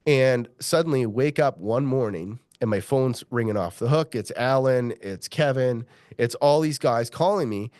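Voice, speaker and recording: A man's voice: mid-range voice, normal speed, no room sound, studio quality. A middle-aged man, a mining geologist, telling a long story in an interview, swearing freely and acting out the voices of the people he quotes. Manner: profane, animated, acts out quoted voices.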